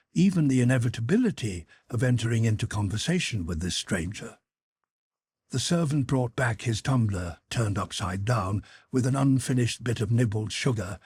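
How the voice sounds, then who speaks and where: Husky male audiobook narrator. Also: mid-range voice, darkish tone, dry recording, studio quality. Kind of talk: scripted narration of a classic novel.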